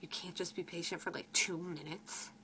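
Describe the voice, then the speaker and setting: Speaking at normal speed in a lowish, steady, sharp voice, an American teenage girl rants on video about rude customers at her grocery checkout job. She's sarcastic and exasperated, swears freely and parrots customers mockingly. The low-quality recording carries a little hiss or hum.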